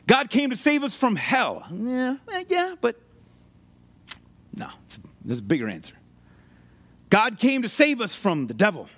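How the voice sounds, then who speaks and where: A man with a high-pitched, slightly rough voice preaches a sermon at a moderate pace. He's animated and conversational, frequently asking his listeners questions.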